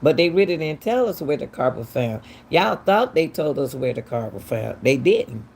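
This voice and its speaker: A woman with an extremely low, sing-song voice hosts casual true-crime commentary on her channel, talking emphatically at a moderate pace and firing off repeated, incredulous questions. Her tone is a little mellow with vocal fry, and there's a little hiss or hum.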